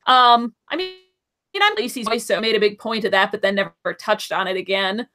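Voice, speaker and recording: A woman's voice: medium pitch, brisk. A woman co-hosting a live podcast, chatting casually and asking lots of questions. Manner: animated, asks lots of questions. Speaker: podcast co-host.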